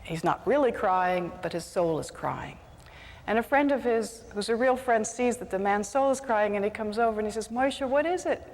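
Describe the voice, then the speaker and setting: A woman telling a folk tale aloud with animated, dramatic delivery, shifting into character voices. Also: mid-range voice, moderate pace, long reverb tail. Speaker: storyteller. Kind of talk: live oral storytelling.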